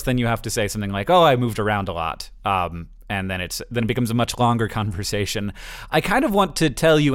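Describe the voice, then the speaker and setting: A man from Florida co-hosting a casual podcast, talking in halting bursts with many restarts and quick chuckles. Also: fairly low pitch. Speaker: podcast co-host.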